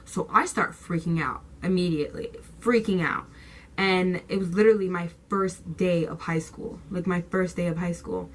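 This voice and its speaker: A woman's voice: on the low side, moderate pace, few pauses, poor audio. A young woman vlogger telling a storytime tale in slangy, casual talk, swearing freely and acting out what people said. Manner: animated, slangy, swears freely, acts out quotes.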